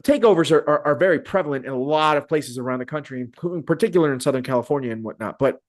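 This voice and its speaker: A man's voice: on the high side, racing. A man hosting a motoring podcast, making an emphatic point in casual chat and repeating words as he builds it. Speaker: podcast host.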